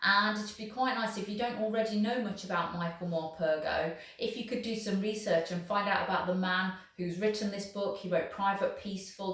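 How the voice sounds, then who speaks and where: A woman teacher reading a novel aloud to her class in a steady, encouraging way. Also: on the low side, far from the mic. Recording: echoey room, voice off the mic.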